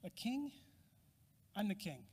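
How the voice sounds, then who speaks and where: A man's voice: sits high, sing-song, slow, darkish tone, breathy edge, full character voice. A pastor doing a sly tyrant king. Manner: mock-innocent, scheming. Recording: long reverb of a large hall.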